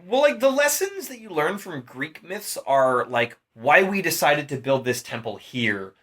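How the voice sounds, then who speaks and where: A man's voice: on the high side, big pitch swings, measured pace, fairly bright tone. A tipsy young man casually retelling a Greek myth in a rambling, profane way. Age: young adult. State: drunk. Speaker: storyteller.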